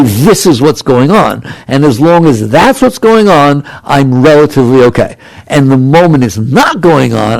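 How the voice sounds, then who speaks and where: An older man giving a spiritual talk to a live audience, questioning his listeners in an animated, playful way. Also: on the high side, gravelly, no room sound, rough recording. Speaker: spiritual teacher.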